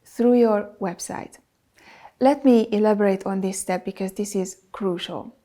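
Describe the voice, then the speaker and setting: A woman who is not a native English speaker hosts a business advice talk to camera, producing videos for clients. She speaks emphatically and lists items in a steady rhythm. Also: medium pitch, measured pace. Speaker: video producer and channel host.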